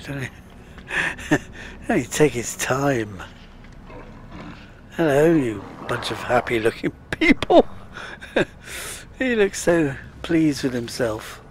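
A man talks slowly through a game, chatting and muttering to himself with a gravelly, creaky voice. A faint hum sits under his home recording. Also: medium pitch. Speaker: gaming channel host. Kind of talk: casual let's-play commentary.

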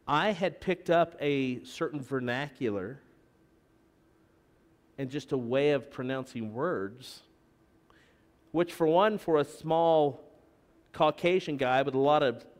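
A man's voice: medium pitch, in a large hall. A middle-aged man preaching a sermon as pastor, with joking asides to the congregation. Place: church sanctuary.

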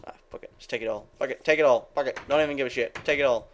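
A man's voice: mid-range voice, rapid-fire, dull audio, slight background noise. A young man giving rambling, casual commentary while playing a game, swearing freely and talking to his viewers. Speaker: gaming video creator.

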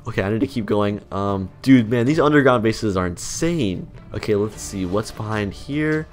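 A man's voice: lowish voice, expressive, moderate pace, faint music behind. Guy doing hyped game commentary, voice bouncing all over, lots of bro and oh my gosh. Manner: jumpy, exclaiming, slangy, talks to viewers. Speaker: gaming YouTuber. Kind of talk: excited gameplay commentary.

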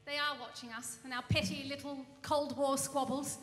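Cabaret chanteuse, female. Mock-earnest patter full of ums, high and bright, recorded live in a roomy echoing venue. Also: fairly even intonation, moderate pace, faint music behind. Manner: rambling, full of ums and restarts; mock-earnest tall tale. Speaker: cabaret singer and bandleader. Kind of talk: comic stage monologue. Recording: reverberant live room.

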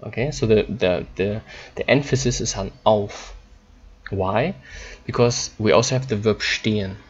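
Low-voiced man teaching online, halting. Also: slightly rough, muffled recording. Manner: halting, repeats words, frequent ums. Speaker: German language teacher. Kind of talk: online language lesson.

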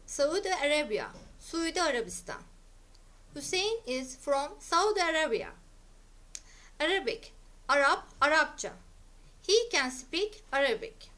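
Woman teacher, high bright voice, slow deliberate vocabulary drill for kids. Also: sing-song. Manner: clear, deliberate, repeating each word for learners. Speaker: English teacher. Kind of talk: slow vocabulary drill, English word then Turkish meaning.

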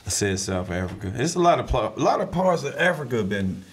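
A man hosting a comedy podcast, giving crude, loose shout-outs in casual chat. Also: medium pitch, very animated, brisk, slight background noise.

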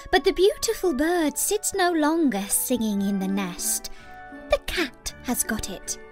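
A woman voicing a wicked, jealous old enchantress in a storybook reading, loud and mocking. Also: on the high side.

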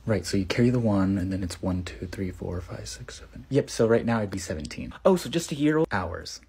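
A young man performing comedy sketch dialogue with awkward, deadpan timing. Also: on the low side, a little fast, vocal fry, breathy edge.

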